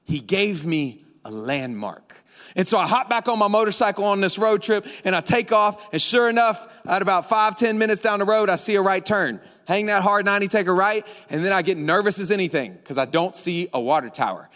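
A man's voice: high-pitched, fairly quick, a bit bright. A man from Louisiana preaching a sermon on stage in a large church, telling a road-trip story in a casual, joking way. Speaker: pastor. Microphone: stage microphone. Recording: long hall reverb.

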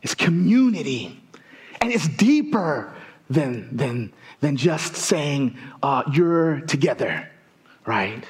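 A man from Southern Africa delivers a sermon with a notably high voice that leaps even higher when he wants to make a point. He talks to the congregation directly and weaves funny personal stories into the message. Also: takes it slowly, breathy edge. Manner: animated, storytelling with jokes to the congregation; lively pitch swings, rising high for emphasis.

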